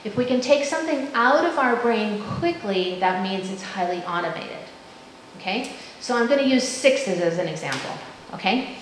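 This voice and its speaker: A woman's voice: mid-range voice, normal speed. Woman presenter in an echoey hall. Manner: lively, leads call-and-response drills with counting and chanting. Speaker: workshop presenter. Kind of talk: parent education talk with group exercises. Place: large school hall with an audience. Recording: echoey hall with background noise.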